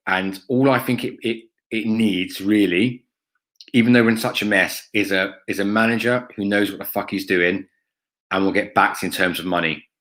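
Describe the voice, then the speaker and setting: Blunt, sweary football fan. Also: male voice, lowish voice, a bit bright. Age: adult, has a school-age son. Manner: blunt, sweary, lots of ums and "mate". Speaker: fan channel host reading live chat. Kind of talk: casual live-stream chat.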